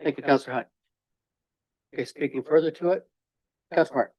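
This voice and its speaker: Guy running a council meeting, quick procedural calls, dry sound. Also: on the high side, a little mellow, husky, no echo. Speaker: meeting chair. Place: council chamber.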